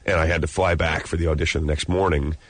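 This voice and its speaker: Husky low-voiced man telling stories. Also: fast talker, dry recording. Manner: laughing, animated storytelling. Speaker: game show host, guest. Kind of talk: casual interview chat.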